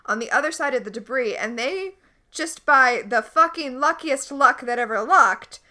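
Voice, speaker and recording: A woman's voice: high-pitched, lively intonation, moderate pace, pushed and bright. A woman co-hosting a podcast, animatedly and enthusiastically recapping a TV episode in casual chat. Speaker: podcast co-host.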